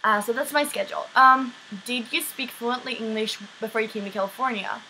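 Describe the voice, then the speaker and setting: Speaking briskly in a fairly high, bright and forceful voice, a Swedish teen girl with a light accent chats casually through viewer questions. She's an exchange student vlogger whose talk is loaded with "um" and "like." The audio is poor, with slight background noise.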